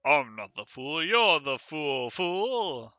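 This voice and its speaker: A streamer playing a loud, cocky school rival. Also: sits high, animated, a little slow, dry recording, dull audio, soft background music, voice pushed up, exaggerated voice. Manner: loud and swaggering. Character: boastful, theatrical student rival. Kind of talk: game dialogue read aloud by a streamer.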